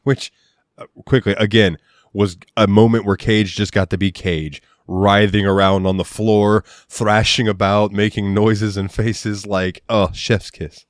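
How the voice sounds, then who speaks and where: A man co-hosting a loose film podcast, animated and quick to laugh, with plenty of swearing. His voice is low. The sound is dry and close. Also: no room sound. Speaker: podcast co-host. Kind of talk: casual chat about a film.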